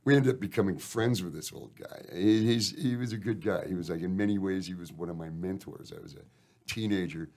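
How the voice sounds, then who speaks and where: Deep and somewhat dark in tone, this Canadian band member talks fairly quickly while guesting on a radio show. In a relaxed interview, he rambles through lengthy stories, cursing freely and dropping plenty of "eh"s.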